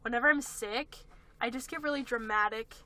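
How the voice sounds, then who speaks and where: A woman's voice: fairly high pitch, fairly quick. A young woman co-hosting a podcast in casual chat, a little congested from a recent cold, telling stories with lots of likes and acted-out asides. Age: young adult. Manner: chatty and animated, full of likes and acted-out asides. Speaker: podcast co-host.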